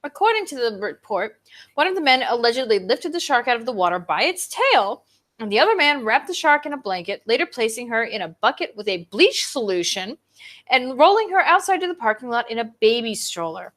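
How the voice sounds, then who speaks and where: A woman co-host reading a news story aloud to a casual online show, animated, her pitch swinging up and down. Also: brisk.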